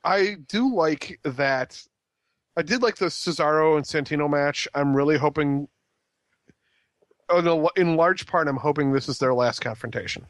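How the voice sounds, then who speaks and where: A man's voice: on the high side, normal speed, dry recording. A man co-hosting a casual wrestling podcast, rambling with frequent ums and restarts. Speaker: podcast co-host.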